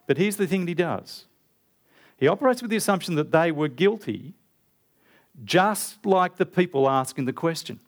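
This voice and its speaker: Australian male preacher, slightly high voice, emphatic sermon delivery. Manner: emphatic, rising to loud animated stresses and quoting Jesus with big pitch jumps.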